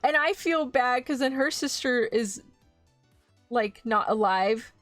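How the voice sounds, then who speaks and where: A higher-pitched woman chats animatedly about anime into a close streaming mic, laughing often and swearing when she gets indignant. The sound is very dry, with soft music under her voice. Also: lively intonation, slow pace, no room sound. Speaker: VTuber host. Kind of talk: casual anime recap.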